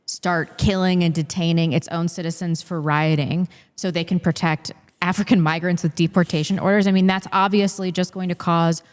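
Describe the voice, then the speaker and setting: A woman hosting a casual political talk show, animated and full of fillers. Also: on the low side, normal speed, hardly any pauses, smooth, in a large hall. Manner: animated, laughs often, many fillers. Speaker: podcast host.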